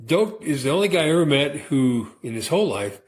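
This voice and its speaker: A man's voice: fairly high pitch, very animated, a little fast. A middle-aged American man co-hosting a radio podcast, bantering bluntly and repeating words as he jokes. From United States. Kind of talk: casual banter.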